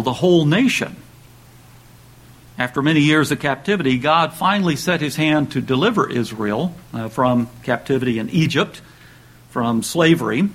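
Poor audio captures a man with a somewhat bright voice giving a sermon. He speaks conversationally, restarts himself, and grows louder and higher when reading dramatic scripture quotes.

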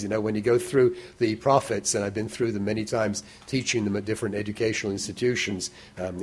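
A man preaching a sermon in a measured way, slowing down to stress scripture and lifting his voice when he quotes it. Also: on the low side, darkish tone, breathy edge.

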